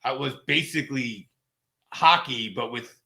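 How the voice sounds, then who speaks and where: A man's voice: medium pitch, measured pace, gravelly, bright, forceful tone. A middle-aged man chatting casually as a podcast co-host, rambling and restarting his sentences. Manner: rambling, many fillers and restarts, laughs easily. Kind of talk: casual chat.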